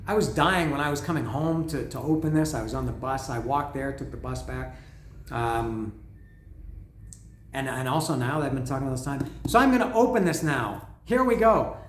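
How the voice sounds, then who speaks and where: A man casually talking through an unboxing of records, rambling and excitable, swearing freely and restarting his sentences. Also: mid-range voice, normal speed, roomy sound, a little hiss or hum. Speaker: vinyl record vlogger. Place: lives in Mexico.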